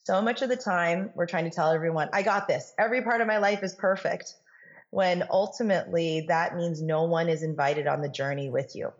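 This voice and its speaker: A woman author as a podcast guest, talking in an energetic coaching tone and acting out the voices she quotes. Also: on the low side, brisk, lo-fi sound. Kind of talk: conversational podcast interview.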